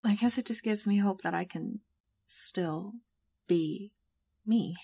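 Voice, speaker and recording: A woman voicing a worried young female companion, speaking softly and slowly, reproachful at times. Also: medium pitch, vocal fry, husky, no room sound, full character voice.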